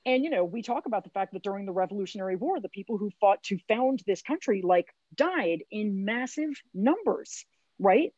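A middle-aged woman speaks in a chatty, earnest and encouraging way, like a community organizer coaching volunteers. Her voice sits at an ordinary pitch and sounds dry and close. The video call audio comes through slightly dull and lo-fi. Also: lively intonation, moderate pace, darkish tone, dry recording. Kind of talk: conversational phone bank training on a remote call.

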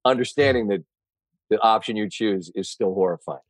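A man's voice: on the low side, normal speed, dry recording. A middle-aged male sports broadcaster chatting as a podcast guest, laughing and riffing playfully. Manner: laughing, playful, riffs on the host's stories. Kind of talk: casual chat.

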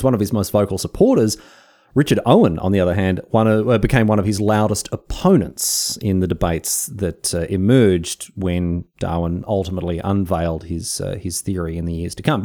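A man's voice: on the low side, dark tone. An Australian man hosting a history podcast, telling the story in an irreverent, slang-heavy way and breaking into mock-indignant rants. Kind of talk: comedic history narration.

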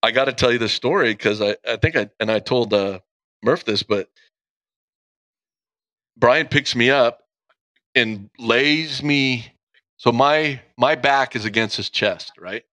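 A man's voice: medium pitch, unhurried, pauses often, bright, forceful tone, dry recording. A middle-aged man, a guest, candidly retelling a personal story in vivid, profane detail. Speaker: guest, police officer.

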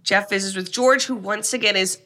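A young woman chats through a film's plot in an animated, casual way. Her voice is bright and clear. She slips into the characters' lines as she goes. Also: mid-range voice, brisk. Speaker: podcast co-host. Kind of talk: casual chat recapping a film.

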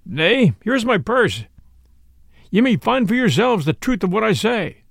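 A proud but poor knight, grave and sorrowful, as a male storyteller plays him, speaking in solemn, formal old-fashioned phrases. The voice is high and lively, with a gravelly texture in a dry, close sound. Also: a little slow, no echo, heavily acted. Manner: solemn, formal archaic speech.

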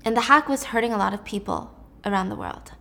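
A woman telling a dark story in a casual spoken way, with chatty asides to the listener. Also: mid-range voice, big pitch swings, fast talker, creaky.

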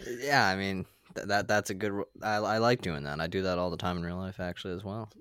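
A man's voice: sits low, fairly even intonation, quick pace, fairly bright tone, clean tone, no room sound. A man co-hosting a casual podcast chat, laid-back with dry jokes. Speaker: podcast co-host.

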